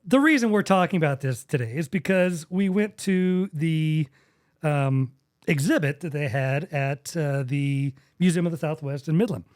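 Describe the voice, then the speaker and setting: Hosting a relaxed podcast, a young West Texan with a drawl rambles along, cracking jokes and laughing easily. His pitch sits fairly high and a little mellow, captured in a dry, clean studio recording.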